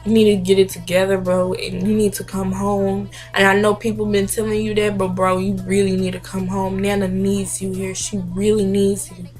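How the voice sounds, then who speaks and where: A woman's voice: mid-range voice, little pitch movement, normal speed, few pauses, darkish tone, faint music behind, natural voice. Woman doing her earnest, pleading uncle. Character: her uncle, a stern grown man.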